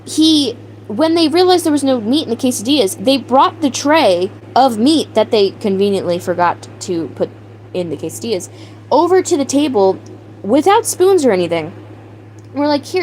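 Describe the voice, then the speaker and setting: High-voiced young woman, streamer telling a story to chat with playful mock outrage. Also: slight background noise, rough recording. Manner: animated, exaggerated outrage, laughing, reads chat names aloud. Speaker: livestream host. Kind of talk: casual storytelling to live chat.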